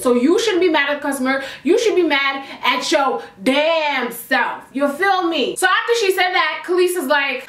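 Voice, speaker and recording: A young woman telling a storytime vlog in a blunt, animated, profane way. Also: high voice. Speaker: vlogger. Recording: echoey room, mic at a distance.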